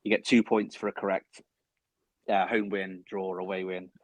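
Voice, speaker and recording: A man co-hosting a casual football podcast, talking quickly and rambling with many restarts. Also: sits low, level tone, no echo, rough recording. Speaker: podcast co-host. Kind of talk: casual chat. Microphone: home video call.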